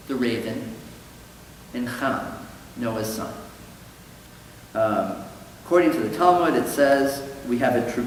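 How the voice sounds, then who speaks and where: Rabbi teaching in an echoey hall. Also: male voice, medium pitch, far from the mic. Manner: thoughtful, acts out quoted dialogue with livelier voice. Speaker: rabbi teaching a study class. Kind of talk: conversational Talmud lesson. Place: synagogue study hall. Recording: very echoey hall, faint noise.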